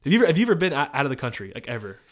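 A man's voice: medium pitch, very animated, rapid-fire. A young man from Missouri, co-hosting a podcast in a casual chat, rambling through long stories and laughing often. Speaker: podcast host.

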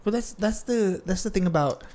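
A father hosting a podcast, musing thoughtfully about parenting and regret in a relaxed conversation. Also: high-pitched, moderate pace. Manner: reflective, musing, with many restarts. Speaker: podcast host. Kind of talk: casual chat.

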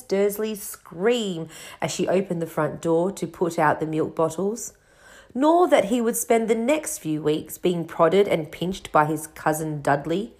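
Brief: woman storybook reader, lowish voice, measured and expressive. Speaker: audiobook reader. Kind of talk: storybook narration.

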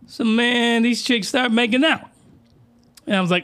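Rambling high-voiced comic reviewer man. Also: normal speed, fairly bright tone. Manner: rambling, rough-edged, with many fillers. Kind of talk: crude comedic commentary.

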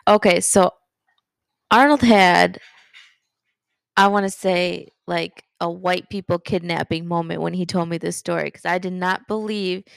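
A young woman co-hosting a casual podcast who chimes in with short, chatty remarks. Her mid-range voice has a gravelly fry, and the recording is dry and close. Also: on the low side, fairly even intonation, a little slow, no room sound. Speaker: podcast co-host. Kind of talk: casual chat.

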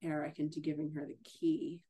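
A woman co-hosts a relaxed book podcast. Her low, flat voice has a dark, mellow tone. She talks haltingly, full of fillers and restarts. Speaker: podcast co-host. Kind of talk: casual book discussion.

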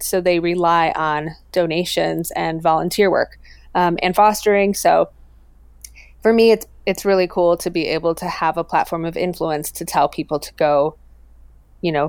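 Smooth-voiced woman, earnest and enthusiastic. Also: on the low side, no room sound, studio quality. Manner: earnest, enthusiastic, with frequent fillers and restarts. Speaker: guest, owner of a popular pet account. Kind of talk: casual interview conversation.

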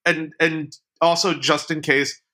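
A man co-hosting a podcast in casual chat, playful and quick with jokes. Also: a little high, flat delivery, pushed and bright. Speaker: podcast co-host.

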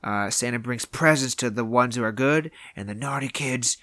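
A podcaster voicing a menacing old grandfather, speaking slowly and ominously. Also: mid-range voice, no room sound, pitched below the performer's own voice, natural voice. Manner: slow, ominous, quiet delivery.

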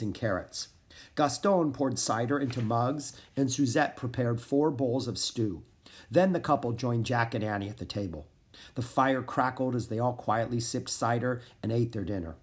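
Guy reading a kids chapter book out loud, lively when he does the characters, mid-pitched voice. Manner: expressive, acts out the characters' lines. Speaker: narrator. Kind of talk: storybook read-aloud.

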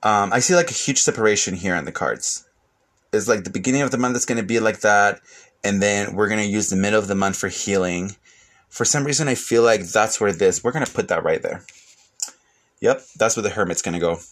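A man's voice: on the low side, a little fast, a bit bright. A man giving a casual livestream tarot reading, rambling and emotional, swearing freely. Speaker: tarot reader. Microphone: phone or webcam.

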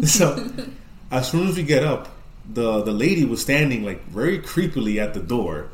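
A man's voice: mid-range voice, moderate pace, roomy sound, slight background noise. A man casually telling a spooky story on a podcast, rambling and swearing, with lots of fillers. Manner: profane, rambling, animated retelling. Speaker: podcast co-host.

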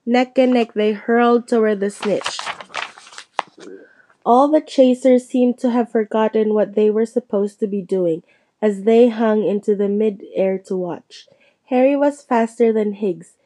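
A woman narrating a storybook, reading it aloud and lifting her voice for the characters' lines. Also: measured pace. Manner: lively, shifts pitch for quoted characters. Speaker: audiobook reader.

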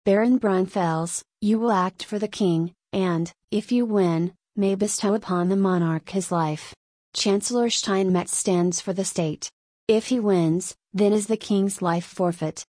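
A woman voicing a calm nobleman who chairs a meeting in a measured, authoritative way, in a storybook reading. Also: mid-range voice, no room sound, clean studio sound, close to an everyday voice. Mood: composed.

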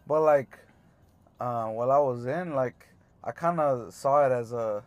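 A man's voice: medium pitch, a little slow, a little mellow, dry recording. A young man co-hosting a casual podcast, talking in a laid-back, slangy way and trailing off. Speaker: podcast co-host.

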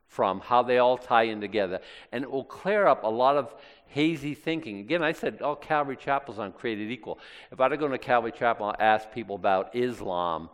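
A man's voice: mid-range voice, clean tone, in a large hall. A man teaching from the Bible to a congregation in a loose, conversational way, with restarts and side remarks. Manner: chatty, digressive, with frequent restarts and asides. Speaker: pastor.

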